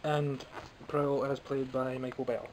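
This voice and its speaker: A man's voice: mid-range voice, level tone, measured pace, a little mellow, slight background noise, rough recording. A man with a Scottish accent, chatting casually and self-mockingly while showing off toys he bought. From Scotland. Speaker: toy collector vlogger. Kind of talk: casual show-and-tell vlog.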